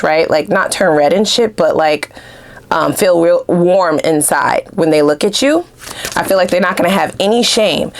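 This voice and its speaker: Animated foul-mouthed woman tarot reader. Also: lowish voice, a little hiss or hum. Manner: animated, blunt, swears a lot, laughs often. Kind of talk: casual tarot reading to viewers.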